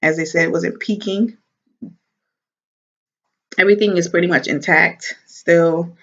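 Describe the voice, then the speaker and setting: A woman's voice: lowish voice, unhurried. Chatty woman on a dull lo-fi recording. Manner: chatty and animated, laughs while talking. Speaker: vlogger. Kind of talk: casual chat to camera.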